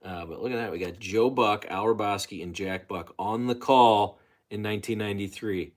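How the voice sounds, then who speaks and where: A man's voice: fairly low pitch, normal speed. A man hosting a casual livestream, talking loosely with lots of fillers and restarts as he reads the chat. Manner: loose, self-interrupting, chatty with many fillers. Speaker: livestream host.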